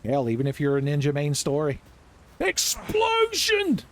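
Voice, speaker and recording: A man giving loud, profane, joking commentary while playing a video game. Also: medium pitch, steady tone, fast talker. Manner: loud, profane, jokey, yelling at enemies. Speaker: gaming streamer. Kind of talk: casual gameplay commentary. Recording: gameplay music behind voice.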